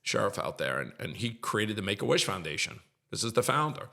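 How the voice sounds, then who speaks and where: A middle-aged man with a gravelly, low voice tells his story on a podcast. He talks earnestly, circles back on his words and sometimes gets choked up. The fry in his voice stays low and steady. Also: fairly quick. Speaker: podcast guest. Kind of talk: emotional storytelling in conversation.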